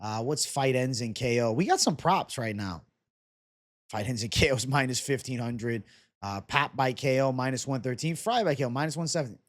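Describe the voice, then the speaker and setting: A young man casually breaking down fight predictions and betting odds on his own show, joking and swearing as he goes. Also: mid-range voice. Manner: casual, fast-talking, swears and jokes. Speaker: MMA betting analyst.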